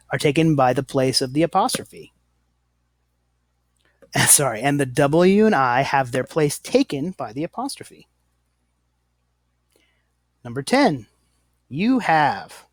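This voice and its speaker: In a recording with no room sound, a man with a fairly high voice teaches a lesson. He explains slowly and deliberately with patience, often correcting himself and apologizing.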